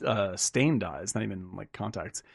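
Gravelly man rambling about a film. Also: lowish voice, measured pace, no room sound, clean studio sound. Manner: rambling, many "like" and "right?" fillers, swears casually. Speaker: film podcast host. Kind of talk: casual film discussion.

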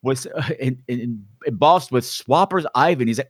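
A man's voice: medium pitch, normal speed, few pauses, husky, no echo. A man co-hosting a podcast in casual chat, sarcastic and rambling, swearing freely. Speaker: podcast co-host.

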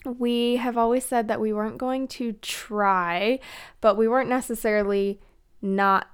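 A woman's voice: fairly high pitch, steady tone, measured pace, clear, resonant tone. Chatty young woman podcast host. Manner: chatty, with fillers and giggles. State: a bit out of breath. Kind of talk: casual solo podcast talk.

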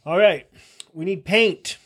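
A man's voice: sits high, slow, fairly bright tone. Curt, commanding man playing a captain. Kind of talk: in-character tabletop play.

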